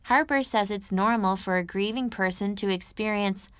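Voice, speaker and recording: A woman's voice: medium pitch, normal speed, smooth, dry recording, lightly acted. A woman voicing Danny, a wry skeptical young woman. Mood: dismissive. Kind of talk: audiobook character voice.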